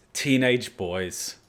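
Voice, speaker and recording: A man from Australia, hosting an anime reaction video and chatting casually with jokey, animated storytelling. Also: mid-range voice. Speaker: anime reaction channel host.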